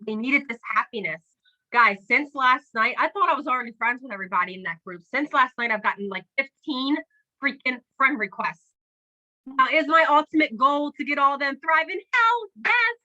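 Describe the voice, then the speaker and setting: High bright excitable woman on a group call, kinda muffled audio. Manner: emotional, excitable, swears casually. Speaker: team member sharing tips.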